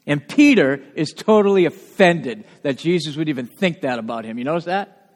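A male pastor preaching a sermon in a church, animated and emphatic, with frequent asides to the congregation. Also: fairly high pitch, moderate pace. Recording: long reverb of a large hall.

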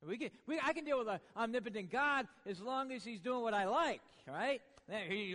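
A man preaching a sermon in a church, swinging from hushed lines to booming ones with joking asides. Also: expressive, normal speed, hardly any pauses, big-room sound. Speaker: pastor.

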